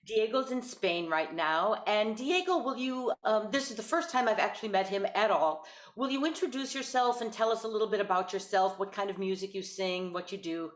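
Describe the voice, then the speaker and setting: A woman's voice: mid-range voice, lively intonation, brisk, echoey room. A woman teaching an online voice lesson, patient and encouraging, demonstrating vocal exercises over a video call.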